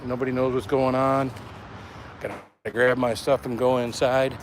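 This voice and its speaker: A man's voice: medium pitch, flat delivery, normal speed, slight background noise. A man hosting a live stream about eating hot peppers, chatting casually and greeting viewers by name, a little out of breath, talking into a phone camera indoors. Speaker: pepper-eating channel host. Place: indoors, upstairs room. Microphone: phone camera at close range.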